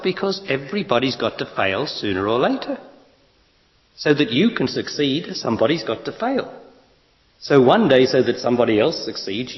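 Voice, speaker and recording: A man giving a spiritual talk to an audience, blunt and emphatic, asking rhetorical questions. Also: medium pitch. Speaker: spiritual teacher. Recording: lo-fi echoey hall.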